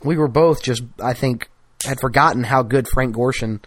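A man's voice: medium pitch, moderate pace, background noise. Enthusiastic rambling podcast man. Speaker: podcast co-host. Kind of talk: casual chat.

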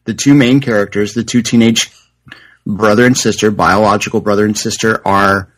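A man's voice: on the low side, steady tone, moderate pace, a bit bright, poor audio. A man hosting a podcast, chatting casually and rambling with frequent restarts. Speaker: podcast host. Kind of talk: casual chat.

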